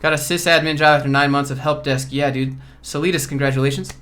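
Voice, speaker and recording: A man from Georgia hosting a casual livestream Q&A from home, relaxed and offhand as he reads and answers chat questions. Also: a little high, fast talker, slight background noise. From Georgia, USA. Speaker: coding YouTuber host.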